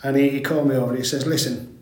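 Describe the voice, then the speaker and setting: A man's voice: mid-range voice, flat delivery, darkish tone. An older man, a former footballer talking candidly as an interview guest, rambling and restarting his sentences often. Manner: rambling, halting with frequent restarts and "mate". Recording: echoey room.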